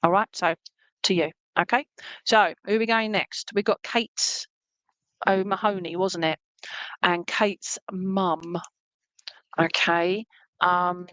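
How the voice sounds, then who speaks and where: A woman's voice: lowish voice, a bit bright, clean tone, no room sound, poor audio. Woman, medium, online reading, chatty and reassuring, dry close sound. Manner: chatty, reassuring, keeps checking in with "okay?". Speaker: spiritualist medium.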